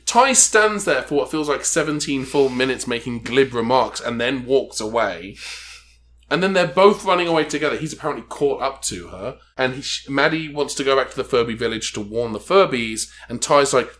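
A man's voice: medium pitch, expressive, normal speed, a bit bright. A man co-hosting a podcast, recapping a film in casual chat with a sardonic tone and acted-out lines. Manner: sardonic, acts out lines in put-on voices. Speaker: podcast co-host.

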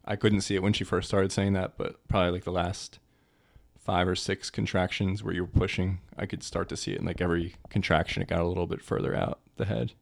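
Very deep, gravelly-voiced man. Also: little pitch movement, fairly quick. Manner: laid-back, brief interjections. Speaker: podcast co-host. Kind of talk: casual chat.

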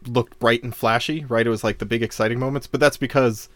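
A man's voice: mid-range voice, fairly even intonation, fast, fairly bright tone, dry recording. A man co-hosting a podcast, rambling casually with many fillers. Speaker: podcast co-host and editor.

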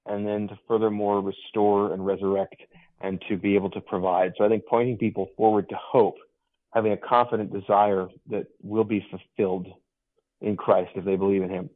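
A man's voice: fairly low pitch, level tone, fairly quick, no echo. A man, a pastor, speaking as a guest on a radio show in an encouraging, preacherly way. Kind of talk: casual radio conversation. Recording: tinny phone line.

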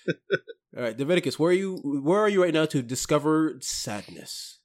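A man narrating as game master of a tabletop role-playing game, lively and often laughing. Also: a little high, normal speed.

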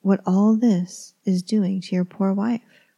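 Woman reading a solemn old-fashioned doctor, gravelly and subdued. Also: medium pitch, fairly even intonation, slow pace, mellow, lo-fi sound. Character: solemn male family doctor.

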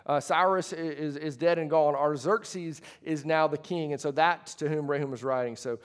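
A man delivers a sermon to his congregation in a church hall. His voice sits a little high for a man. He keeps it conversational and loose, often restarting phrases and making asides. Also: fairly even intonation, normal speed. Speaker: pastor.

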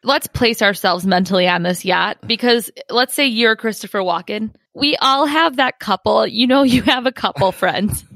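A woman's voice: fairly high pitch, normal speed, gravelly, hardly any pauses, a bit bright, no echo. A woman co-hosting a casual true-crime podcast, recounting events with frequent laughter. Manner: chatty, laughs often, recounts story. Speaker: podcast co-host.

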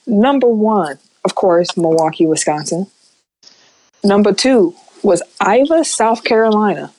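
Laid-back podcast co-host. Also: male voice, high-pitched, unhurried, no echo, rough recording. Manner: relaxed, reads out listener stats with laughs. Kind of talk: casual podcast chat.

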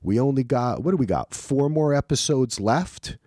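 A man's voice: mid-range voice, animated, normal speed, mellow, breathy edge, no room sound, clean studio sound. A man from New Jersey hosting a podcast, joking and thanking his guest in casual chat. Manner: playful, joking sign-off banter. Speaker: podcast host.

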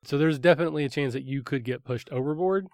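A man's voice: a little high, quick pace, a little mellow, dry recording. A man narrating a tabletop game as game master. He describes the action vividly, with a few fillers along the way. The recording is dry and close.

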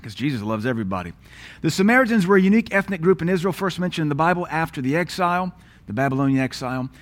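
A man's voice: on the high side, lively intonation, very fast. A man with an American accent preaching a sermon, who tells stories in a blunt, scornful way. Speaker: pastor.

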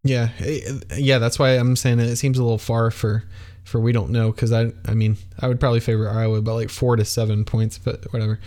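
A man's voice: mid-range voice, flat delivery, a little fast, few pauses, dark tone. A man co-hosting a casual sports podcast, rambling through the week's games with many fillers. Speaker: podcast co-host.

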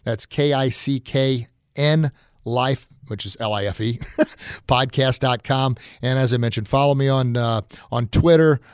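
A man with a clear, resonant mid-range voice hosts a motivational podcast, speaking a little slowly. His talk is folksy and encouraging, sprinkled with frequent filler words, and the recording is dry and studio quality.

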